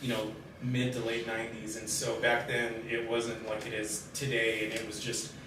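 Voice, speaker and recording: A middle-aged man telling his own life story in a halting, candid way, with many pauses and fillers. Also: fairly low pitch. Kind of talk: personal storytelling in conversation. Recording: very echoey room, distant mic, steady background noise.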